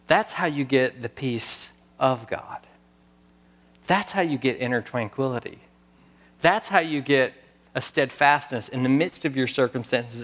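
Guy in his 30s preaching, tells stories, pauses right before the big word. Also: medium pitch, lively intonation, fairly bright tone. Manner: earnest, storytelling, pauses before key words. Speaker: pastor. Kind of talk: sermon.

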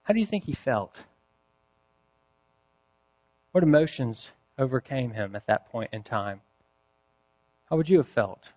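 A man preaching a sermon, telling a story with deliberate pacing and dramatic pauses. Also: mid-range voice, big pitch swings, darkish tone, highs cut off. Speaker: pastor.

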